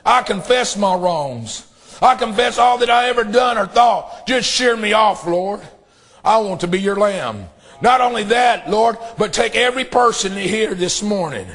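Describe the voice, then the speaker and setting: A man preaching and praying a fervent sermon to his church, shouting in bursts and drawing out emphatic phrases. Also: high-pitched, lively intonation, measured pace. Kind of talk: impassioned sermon and prayer.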